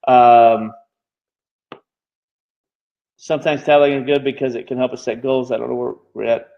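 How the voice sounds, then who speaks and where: A man teaching a live online marketing class, talking quickly and checking in with his students every few phrases. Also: mid-range voice, flat delivery, gravelly, darkish tone, muffled recording. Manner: fast-talking, constantly checking in with "okay?". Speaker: marketing bootcamp instructor.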